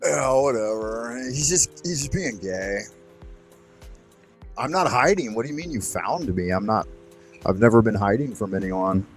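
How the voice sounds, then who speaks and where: A man hosting a casual online voice chat, laid-back and mildly amused, trying to calm the others down. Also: on the low side, a little slow, soft background music. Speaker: host of a voice chat.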